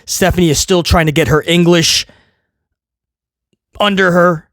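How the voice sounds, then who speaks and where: A man's voice: high voice, fairly even intonation, a little slow, a bit bright, no room sound, clean studio sound. A man hosting a casual video review, ranting in a sarcastic, exasperated way and rambling with many restarts. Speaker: wrestling show reviewer, host.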